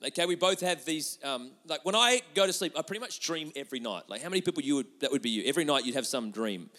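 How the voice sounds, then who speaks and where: A middle-aged man preaching a sermon as a pastor. He tells a story in a chatty, animated way, with many restarts, and puts questions to the audience. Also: a little high, quick pace, long reverb tail.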